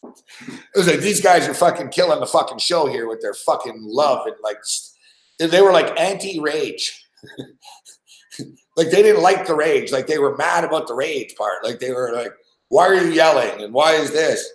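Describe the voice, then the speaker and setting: A man's voice: fairly high pitch, expressive, moderate pace. A man hosting a podcast, telling a rambling, profane story in casual chat and laughing often. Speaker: podcast host. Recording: roomy echo.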